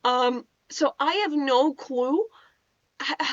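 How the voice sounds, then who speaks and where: A woman's voice: high voice, takes it slowly, fairly bright tone, dry recording, highs cut off. A young woman rambling casually over a video game, often restarting her sentences, laughing and swearing as she talks. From Netherlands. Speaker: gaming YouTuber.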